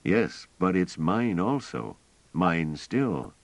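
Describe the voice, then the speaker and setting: A man voicing a fussy, gentle elderly male scholar who rambles and talks hesitantly. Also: low-pitched, big pitch swings, slow, vocal fry, no room sound, exaggerated voice, poor audio. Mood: earnest. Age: older. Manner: hesitant, wordy, polite.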